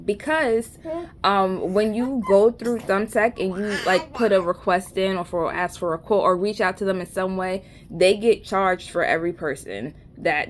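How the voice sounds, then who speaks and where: A woman's voice: mid-range voice, a little hiss or hum. A woman with a New York accent telling a rambling, slangy, joking story in a casual vlog. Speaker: vlogger.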